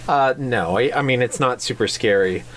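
A podcast co-host in casual book club chat, animated and jokey, given to silly voices. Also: mid-range voice, moderate pace, very noisy.

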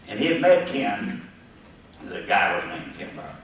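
A man's voice: on the low side, sing-song, unhurried, a bit bright. An older man telling a rambling, folksy story to a live group, chuckling and acting out the voices of the people in it. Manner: chuckling, folksy, acts out the voices in his stories. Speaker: guest storyteller at a gathering. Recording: echoey room, voice from far off the mic, faint noise.

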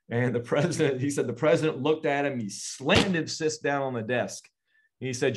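Earnest man retelling a family story. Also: mid-range voice. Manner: earnest, measured storyteller with pauses. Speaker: guest.

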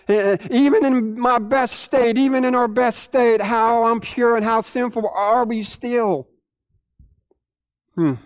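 A man pastor preaching a sermon to his church, animated, repeating words and swinging between loud and hushed. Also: sits high, moderate pace, rough recording.

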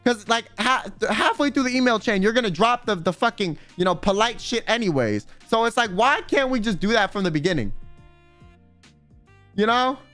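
A man's voice: sits high, sing-song, moderate pace, fairly bright tone, dry recording, soft background music. A man streaming in a casual chat, rambling and swearing freely, full of filler words. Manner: rambling, profane, full of "like" and "you know".

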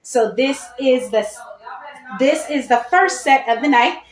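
A woman hosting a live online jewelry sale in a chatty, animated way, repeating key phrases and calling her viewers y'all. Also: high voice, unhurried. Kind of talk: casual live-stream sales talk. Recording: echoey room.

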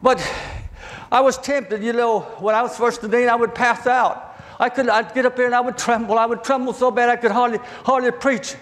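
An older man from southern Virginia with a Southern accent, preaching a testimony sermon in a halting, folksy way that repeats words. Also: very high-pitched, steady tone, fairly bright tone. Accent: Southern American. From southern Virginia, USA.

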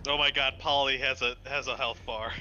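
A man's voice: medium pitch, fairly quick, lo-fi sound, faint music behind. A man casually chatting and laughing while playing a video game with a friend. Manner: excitable, laughing. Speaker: co-player. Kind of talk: casual gameplay chat.

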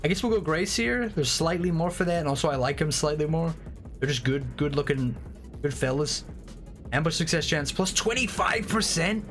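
A man livestreaming a strategy game, chatting casually and excitably with frequent swearing and rambling asides. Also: a little high, normal speed. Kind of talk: casual gameplay commentary. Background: faint game music.

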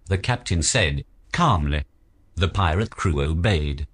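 A man reading a children's picture book aloud as narrator, in an expressive storybook manner. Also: deep voice, measured pace, breathy edge.

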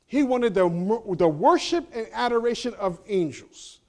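High-voiced male pastor preaching. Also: very animated, unhurried. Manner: preaching with rhetorical questions to the congregation; swings between loud emphasis and hushed low passages. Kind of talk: sermon. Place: church sanctuary.

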